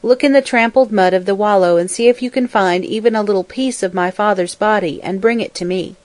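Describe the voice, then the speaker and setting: A woman's voice: medium pitch, fairly quick, a little mellow, dry recording, close to an everyday voice, low-quality recording. A woman reading as a frightened young wife. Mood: pleading.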